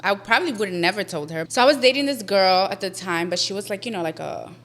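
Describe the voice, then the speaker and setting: A young woman, a podcast guest, telling a story in a lively way, swearing often and switching into Spanish. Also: mid-range voice, quick pace. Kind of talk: casual storytelling.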